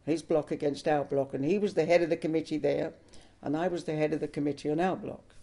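Gravelly-voiced older woman telling her story. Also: deep voice, fairly even intonation, warm tone. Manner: unhurried storyteller, chuckles while recalling. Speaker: interviewee.

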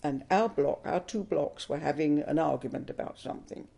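An older woman telling a personal story in an interview, unhurried and chuckling as she recalls events. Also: deep voice, creaky, warm tone, breathy edge.

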